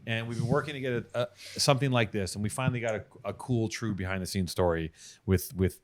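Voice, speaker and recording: A man's voice: lowish voice, fast. A man hosting a podcast in casual chat, joking around and swearing freely. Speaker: podcast host.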